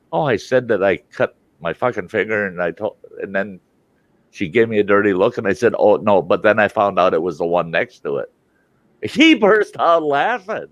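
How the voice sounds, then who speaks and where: Older male host, casual storyteller, animated, acts out quotes; dry close sound. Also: fairly low pitch, no echo, muffled recording.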